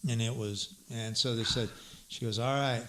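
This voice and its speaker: A man's voice: mid-range voice, fairly even intonation, moderate pace, fairly bright tone, slight background noise. A man co-hosting a podcast, telling a rambling story with frequent laughs and acted-out quoted voices. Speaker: podcast co-host. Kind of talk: casual storytelling.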